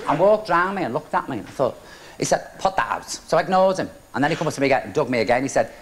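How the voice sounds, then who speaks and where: A man's voice: a little high, wildly swooping pitch, fairly quick, long pauses. A man doing a brassy bawdy woman comic. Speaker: comic host taking audience questions. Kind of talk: stand-up comedy before a studio audience. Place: TV studio stage. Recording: TV studio with loud audience laughter.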